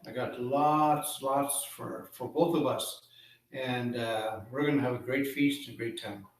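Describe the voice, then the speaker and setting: A man voicing a sly, smooth-talking male trickster raven who coaxes in an overly friendly way. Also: medium pitch, measured pace, close to an everyday voice. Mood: coaxing. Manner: coaxing, wheedling, overly friendly. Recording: echoey room, far from mic.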